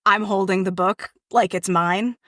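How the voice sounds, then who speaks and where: A woman's voice: medium pitch, steady tone, a little slow, pushed and bright, no room sound, studio quality. A woman playing in a tabletop game, talking expressively and laughing often. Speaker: player.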